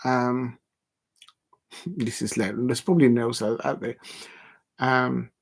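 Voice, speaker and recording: A man's voice: medium pitch, fairly even intonation, slow pace, gravelly, husky. A man, hosting a casual live stream, talking in a rambling, blunt way with many ums and restarts. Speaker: livestream host.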